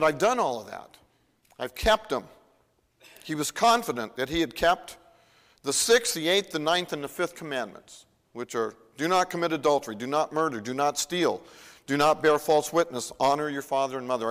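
A man's voice: medium pitch, fairly bright tone. A man preaching a sermon in a conversational way, acting out the Bible dialogue as he retells it. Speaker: pastor. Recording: long reverb of a large hall.

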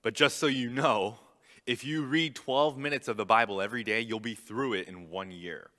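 Young male preacher, bright forceful voice, earnest and emphatic, long hall reverb. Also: on the low side, lively intonation, moderate pace. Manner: earnest, emphatic, repeating key phrases. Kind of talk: sermon.

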